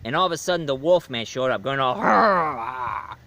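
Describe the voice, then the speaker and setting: Bright-voiced chatty male movie reviewer. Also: medium pitch, fast talker, highs cut off. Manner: rambling, chatty, with many fillers and restarts. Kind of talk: casual video film review.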